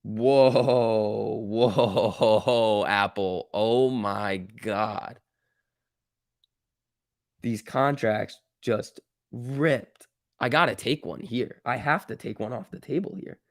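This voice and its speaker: A man hosting a live stock trading stream, reacting excitedly to price moves and chatting casually with viewers. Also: medium pitch, slow, pauses often, dry recording, studio quality. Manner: excitable, exclaiming at price moves, reading chat aloud. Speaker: stock trading livestream host.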